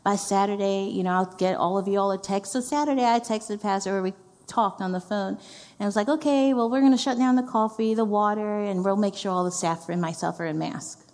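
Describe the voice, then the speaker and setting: In a church sanctuary, a woman executive pastor gives a heartfelt, conversational sermon, repeating phrases for emphasis. Her mid-range voice is a little fast and a little mellow, and the church hall adds reverb.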